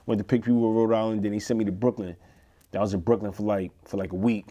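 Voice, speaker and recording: Talking very fast in a lowish register, a man from the Bronx recounts his story as an interview guest who spent time in prison. He rambles with fillers and false starts in his New York accent, giving other people's words animated voices.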